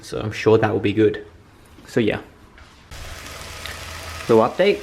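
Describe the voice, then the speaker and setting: A young man with a fairly low voice talks his way through cooking in his home kitchen. He is chatty and excitable and swears freely, as though speaking to friends. He is recorded on a camera mic. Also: a little hiss or hum. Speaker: vlogger. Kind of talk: casual cooking vlog.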